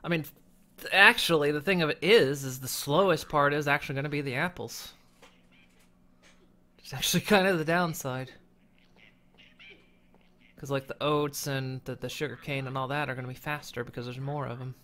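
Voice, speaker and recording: Bright-voiced man thinking aloud while gaming. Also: mid-range voice, steady tone, fast talker. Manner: thinks aloud, hesitant, restarts often. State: hiccuping. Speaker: streamer. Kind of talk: casual gameplay chat.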